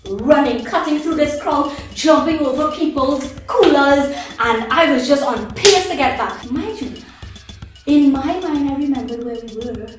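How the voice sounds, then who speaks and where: Young Trinidadian woman vlogger, high voice, lively storytelling, very echoey room with faint music behind. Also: measured pace, recorded from a distance. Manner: animated, acts out voices of friends and herself. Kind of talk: casual storytelling to camera.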